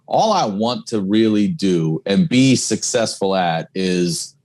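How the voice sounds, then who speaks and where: A man's voice: deep voice, animated, takes it slowly, a little mellow. A man guesting on a podcast, talking candidly in casual chat and swearing freely. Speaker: comedian and single dad.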